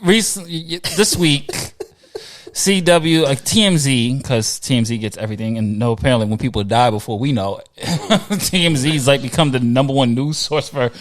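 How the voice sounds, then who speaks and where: A man's voice: medium pitch, normal speed. A man hosting a podcast in casual chat, rambling along and restarting his sentences. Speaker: podcast host.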